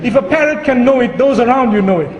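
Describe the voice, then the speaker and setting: A male Muslim preacher telling a humorous story within a sermon, in a lively, chatty storytelling way. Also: extremely high pitch, quick pace, highs cut off. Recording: echoey hall, distant mic.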